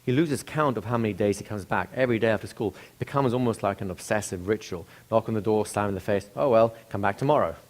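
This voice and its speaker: A man's voice: lowish voice, quick pace, few pauses. A man telling a story in a casual, conversational way, with restarts and asides to the listener.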